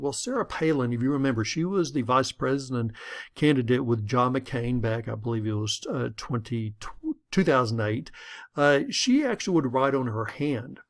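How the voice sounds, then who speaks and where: A man's voice: medium pitch, animated, moderate pace. A middle-aged man giving a conversational, step-by-step lesson on public speaking. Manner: folksy, conversational, explains step by step. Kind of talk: instructional talk to camera.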